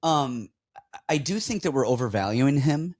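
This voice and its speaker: A man's voice: mid-range voice, lively intonation, normal speed, darkish tone. A man co-hosting a casual podcast, breaking down fights and joking around in a rambling way. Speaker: podcast co-host.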